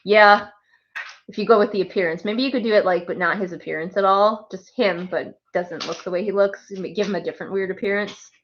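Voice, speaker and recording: A woman's voice: medium pitch, a little fast, lo-fi sound. A woman chatting casually on a live stream from her home, rambling and laughing often. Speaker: streamer and writer. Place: home with pets.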